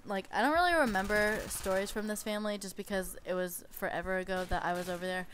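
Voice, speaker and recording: Young woman, mid-pitch, chatty exasperated storyteller, faint hiss behind. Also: fast talker, fairly bright tone. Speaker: babysitter telling stories. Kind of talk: casual storytime vlog.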